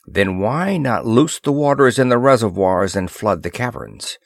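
Slow, somber underworld chief, man reading, formal, low and dry. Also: very animated, creaky, no echo. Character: grave middle-aged male underworld leader.

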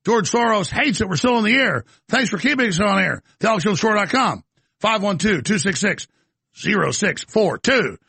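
A man hosting a talk radio show, brash and hammering, repeating phrases for emphasis in a gravelly, raspy voice. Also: sits high, animated, moderate pace, pushed and bright, no room sound. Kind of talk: fast call-in radio monologue.

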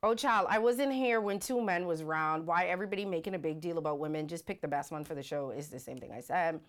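A woman's voice: low-pitched, quick pace. A woman hosting a casual livestream, talking animatedly and reading out viewer comments. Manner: animated, rhetorical, reads viewer comments aloud. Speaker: livestream host. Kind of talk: casual live-stream commentary.

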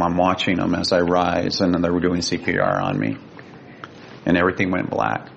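An older man from California, a guest telling a personal story in an earnest, emotional way and slowing down for quoted speech. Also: creaky. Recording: dull lo-fi sound with faint rumble.

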